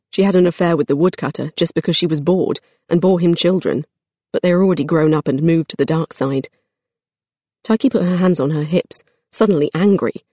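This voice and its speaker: Dry, even-toned storybook narrator. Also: medium pitch, no room sound.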